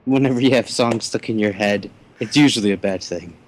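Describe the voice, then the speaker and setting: A man's voice: lowish voice, fairly quick, a little hiss or hum, low-quality recording. A Canadian man co-hosting a podcast, teasing and prodding in casual chat. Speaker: podcast co-host.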